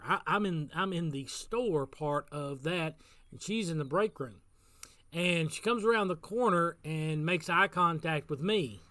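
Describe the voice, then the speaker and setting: A man's voice: fairly high pitch, bright, forceful tone, no room sound. A man giving a casual devotional talk as pastor, telling a story in an earnest way and repeating phrases for emphasis.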